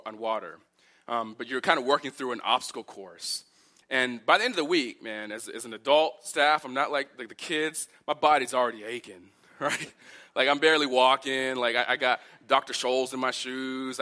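A pastor, preaching with a bright, forceful tone. He tells a story with big swings, rising to loud emphatic peaks and then dropping to hushed asides. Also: medium pitch. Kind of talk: sermon with personal story.

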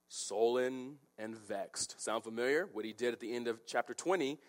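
A man preaching an expository sermon in a conversational, animated way with quick asides. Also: mid-range voice.

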